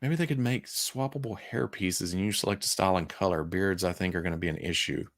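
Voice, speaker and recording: Chuckling Southern-accented man, lowish voice. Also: brisk. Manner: rambling, chuckling often, self-deprecating. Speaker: podcast host. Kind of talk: casual livestream chat with viewers.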